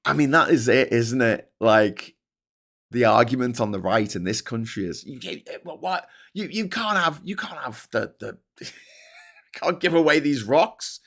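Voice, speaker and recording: A man's voice: lively intonation, measured pace, vocal fry, a bit bright. A man hosting a casual monologue, swearing a lot as he rants. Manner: sweary, ranting, mimics in high squeals. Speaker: host.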